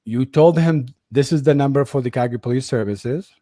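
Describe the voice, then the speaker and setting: A man's voice: mid-range voice, a little fast, warm tone, dry recording, studio quality. A man interviewing a scam victim, recapping her story carefully to clarify it. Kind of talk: interview questioning.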